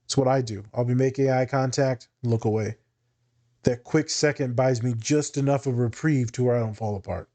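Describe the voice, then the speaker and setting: A man in casual conversation who speaks like a working therapist reflecting aloud. His delivery is blunt and profane. The humor stays dry and understated, and his pitch sits in an ordinary middle range. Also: fairly even intonation, a little fast, mellow. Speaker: therapist and teacher. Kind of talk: casual podcast chat.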